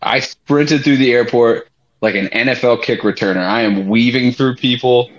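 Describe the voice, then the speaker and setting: A young man on a podcast, telling a story in a loose, animated way, swearing freely and using lots of fillers. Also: mid-range voice, normal speed. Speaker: podcast co-host. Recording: slightly muffled podcast audio.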